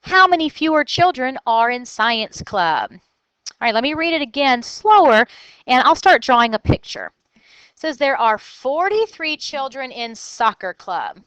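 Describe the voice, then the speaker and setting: A woman's voice: sits high, sing-song, measured pace, a bit bright, clean tone, dry recording, dull audio. A woman teacher recording a math lesson for children, thinking aloud step by step in an upbeat way.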